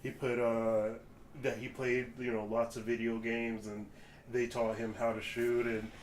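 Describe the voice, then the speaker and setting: A man's voice: mid-range voice, flat delivery, measured pace, a crowd in the background. A man rambling through a casual podcast chat, hunting for his words. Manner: rambling, many fillers and restarts. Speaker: podcast co-host. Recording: roomy, faint background hiss.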